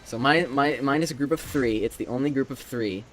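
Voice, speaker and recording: Teen male gamer, lively storyteller, mid pitch, game music faintly under. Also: brisk. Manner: animated storyteller, acts out classmates' lines. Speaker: gamer chatting while playing. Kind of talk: casual chat.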